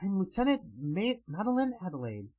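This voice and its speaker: A manic, unhinged female soldier, as a man puts her on while reading a comic aloud. She teases in a singsong way, her voice raised high and bouncing all over. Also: very animated, a little fast, mellow, muffled recording. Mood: manic teasing.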